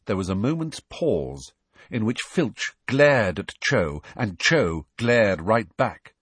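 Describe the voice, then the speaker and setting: Brief: male narrator, low husky voice, lively storytelling, dry close recording. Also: slow, no echo. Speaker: audiobook narrator. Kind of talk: scripted narration.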